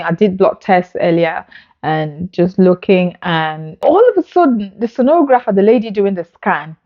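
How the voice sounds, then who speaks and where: A woman's voice: medium pitch, highs cut off. Earnest woman telling her story. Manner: earnest, emotional retelling with acted-out dialogue. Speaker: vlogger. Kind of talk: personal storytelling to camera. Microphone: phone.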